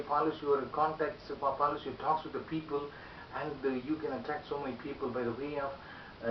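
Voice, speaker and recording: Man, english phrases teacher, raised voice, animated, echoey room, distant hissy dull recording. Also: fairly high pitch. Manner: animated, repeats example phrases loudly and often. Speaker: English communication skills teacher. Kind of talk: spoken English lesson.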